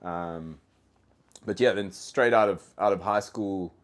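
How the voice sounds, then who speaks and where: A man's voice: sits low, slow pace. A man with a South African accent, a podcast guest telling his story in a loose, rambling way with many restarts and fillers. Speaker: guest, dog trainer. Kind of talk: casual podcast conversation.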